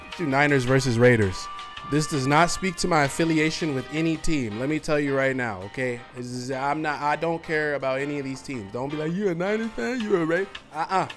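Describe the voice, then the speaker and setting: A young man commenting casually on his own gameplay, loud, excitable and trash-talking, with frequent swearing. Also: a little high, fairly quick. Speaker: gaming channel host. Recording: voice over loud game music.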